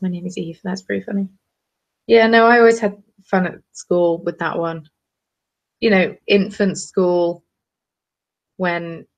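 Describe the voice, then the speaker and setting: A young woman hosting a live craft stream, chatting in a bubbly, excitable way. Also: lowish voice. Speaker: craft channel host. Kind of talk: casual live-stream chat.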